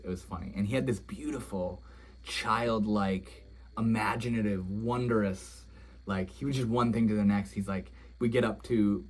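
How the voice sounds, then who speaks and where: A young man telling a story in a casual, rambling way, dreamy and emotional, with many "like"s and "you know"s. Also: on the low side. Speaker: vlogger.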